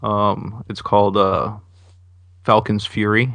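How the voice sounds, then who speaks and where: Man, podcast host, low voice, flat steady delivery, informative, dry close mic. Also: slow, no room sound. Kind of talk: casual chat.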